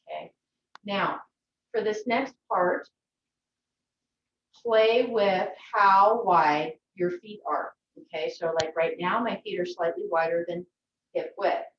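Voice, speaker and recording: Woman yoga teacher, calm guiding voice, distant roomy dull video-call sound. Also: fairly low pitch, slight background noise. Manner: gentle, encouraging instructions. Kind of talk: guided yoga class. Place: her home.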